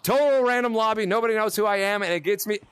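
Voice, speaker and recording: A man hosting a live fan event while playing a VR game, chatting excitably and restarting his sentences through a headset mic. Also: sits high, clear, resonant tone, no room sound. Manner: excitable, rapid, restarts often. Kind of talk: casual live gameplay chat.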